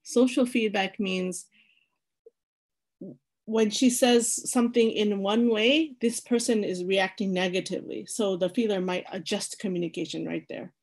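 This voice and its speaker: A woman's voice: mid-range voice, a little slow, darkish tone. A woman leading an online personality-type workshop over a video call, talking in a chatty, hesitant way with many fillers and restarts.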